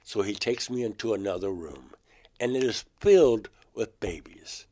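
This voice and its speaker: An older man from Georgia, a guest in an interview, earnestly recounting personal experiences and acting out remembered dialogue with sudden loud outbursts. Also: lowish voice, normal speed. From Georgia, USA.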